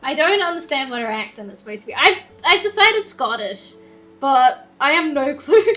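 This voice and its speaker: An Australian woman chats and giggles her way through a gaming stream. Her voice sits high and sounds bright and sharp. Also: big pitch swings, moderate pace, soft background music. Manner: giggly, chatty. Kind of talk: casual gaming stream chat.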